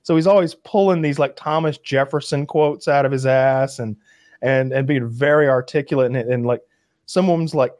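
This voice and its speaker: Speaking at normal speed, a Kentucky man with a mid-range, slightly mellow voice chats casually and loosely. His excitement builds into fillers and false starts, and the close-miked sound is dry, without any room echo.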